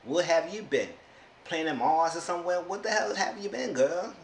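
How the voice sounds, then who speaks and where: A man's voice: fairly high pitch, lively intonation, moderate pace, gravelly. Male reality-TV reviewer, sassy and exasperated, mimics cast members; echoey room, faint hiss. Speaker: TV show reviewer. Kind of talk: casual recap commentary.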